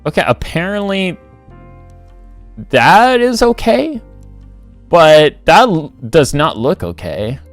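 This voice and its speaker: A man's voice: a little high, big pitch swings, slow, pauses often, soft background music. A man hosting a livestream, thinking aloud as he builds, rambling and correcting himself in a casual chat. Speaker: livestream host.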